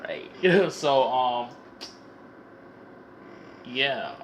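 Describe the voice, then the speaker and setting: A young man with a bright, forceful voice rambles through a casual film recap, full of slang and swearing. He stumbles and repeats words as he talks, at a middle pitch for a man. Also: normal speed, slight background noise. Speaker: vlogger reviewing a film. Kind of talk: casual profane comedic movie recap.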